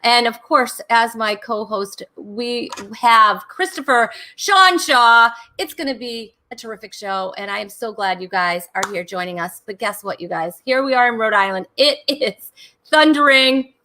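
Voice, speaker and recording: A woman's voice: fairly high pitch, expressive, a little slow, bright, forceful tone, slight background noise. A woman hosting a live online comedy talk show, bubbly and chatty, giggling and restarting her sentences as she goes. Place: home in Rhode Island during a thunderstorm.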